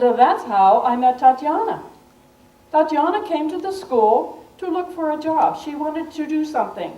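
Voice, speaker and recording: A woman's voice: sits high, muffled recording. An older American woman speaking to a room of students, telling a story and acting out the lines of the people in it. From United States. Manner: lively storyteller acting out quoted dialogue. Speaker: guest speaker. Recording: echoey room from a distance.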